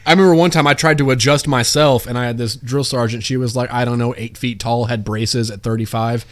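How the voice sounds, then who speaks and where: A young man in casual podcast banter, telling self-mocking jokes in a deadpan way. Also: mid-range voice, a little fast, dry recording. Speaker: guest.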